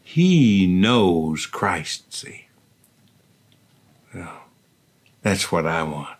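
Slow, earnest older man preaching. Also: sits low, sing-song. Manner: slow, earnest, repeats "see" and "does that make sense". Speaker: pastor. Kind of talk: sermon.

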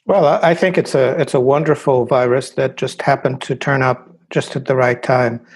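A Russian-born man, a guest writer, answering interview questions in a deliberate, analytical way with dry irony. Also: mid-range voice, steady tone, husky.

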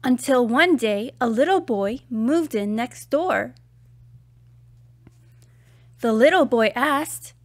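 A woman reads a children's storybook aloud in a high, bright voice. She takes her time, shaping each line with clear, expressive storytelling. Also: slow, pauses often. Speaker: children's book reader.

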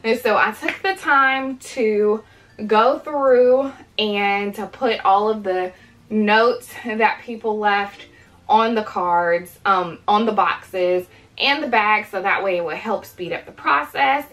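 A young woman in late pregnancy, out of breath and breathy, chatting to viewers in a casual unboxing vlog. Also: medium pitch, takes it slowly, fairly bright tone, rough recording. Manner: chatty, addresses viewers as "you guys". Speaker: vlogger.

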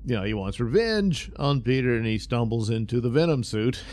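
A man's voice: medium pitch, animated, moderate pace, darkish tone. A man giving a casual, rambling film review, full of fillers, chuckles and sarcastic asides. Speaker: movie reviewer.

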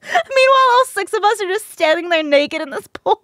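A young woman streamer telling a story in a casual chat, animated and breaking into laughter. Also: extremely high pitch, no echo, clean studio sound.

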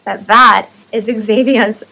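A woman's voice: fairly high pitch, fairly even intonation, takes it slowly, vocal fry, husky, rough recording. A woman from Canada co-hosting a live community stream, talking in an enthusiastic way with lots of fillers. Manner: warm, enthusiastic, filler-heavy. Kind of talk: casual live-stream chat.

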